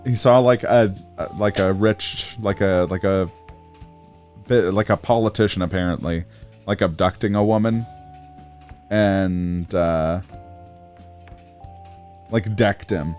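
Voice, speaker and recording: Male streamer, lowish voice, loose rambling banter with laughs, faint music underneath. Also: slow pace, long pauses, darkish tone. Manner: rambling, laughing often, filler-heavy. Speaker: streamer and co-host. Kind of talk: casual let's-play chat.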